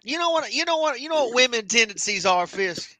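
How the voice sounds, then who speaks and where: A man rants on a podcast, his voice unusually high and bright. His pitch swings widely as he vents with heavy swearing. The sound is close and dry. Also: fairly quick, dry recording. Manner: emotional, animated ranting with heavy profanity. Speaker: podcast co-host. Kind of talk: heated casual chat.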